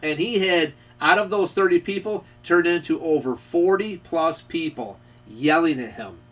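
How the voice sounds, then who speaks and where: A man's voice: fairly high pitch, moderate pace, fairly bright tone, recorded from a distance. A middle-aged man who runs a radio repair shop, scolding a rival in a confrontational rant and repeating his points. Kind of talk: ranting call-out video.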